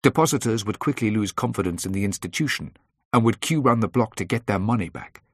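A man reading a first-person thriller aloud in a measured, dry storytelling manner. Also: lowish voice, expressive, husky, no echo. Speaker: audiobook narrator.

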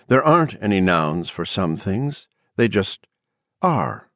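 A man's voice: lowish voice, no echo, studio quality, natural voice. A man voicing a cold woman taken over by an alien presence, speaking in a cool, condescending way in an audiobook. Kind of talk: audiobook character voice.

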